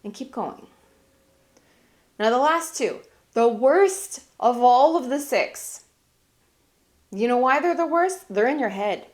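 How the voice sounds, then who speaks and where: A woman's voice: a little high, animated, takes it slowly, pauses often. A middle-aged woman giving heartfelt, emphatic life advice as a family vlogger talking to camera. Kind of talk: earnest motivational talk to camera.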